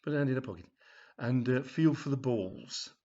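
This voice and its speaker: A man voicing a patient male snooker instructor who gives slow, deliberate instructions in a husky voice. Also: mid-range voice, dark tone, close to an everyday voice. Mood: instructive. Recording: dull, lo-fi home recording.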